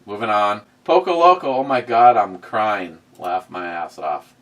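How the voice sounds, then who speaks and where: A man's voice: lowish voice, lively intonation, measured pace, a bit bright, far from the mic. A man hosting a casual livestream, reading viewer comments aloud with sarcastic, rambling asides and many fillers. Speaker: host reading live chat.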